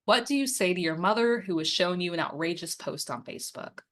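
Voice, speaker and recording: Lower-pitched woman coaching through quiz questions. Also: expressive, fairly quick. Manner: poses multiple-choice questions and explains answers, friendly coaching tone; frequent filler ums. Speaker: media and democracy campaigner. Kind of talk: instructional quiz-style presentation.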